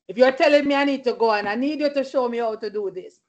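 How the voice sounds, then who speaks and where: A woman with a voice on the high side speaks fast, leading a Bible study that turns into a fervent sermon mixed with personal testimony. Hallelujahs and praise fill the gaps between her points in this lo-fi recording.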